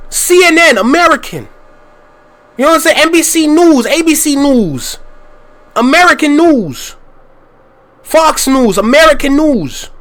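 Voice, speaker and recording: A reaction host from Canada talks in a very high voice with a slight Toronto accent. He speaks emphatically in casual commentary and repeats his points to drive them home. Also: fairly bright tone. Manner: emphatic, repeats lines for stress.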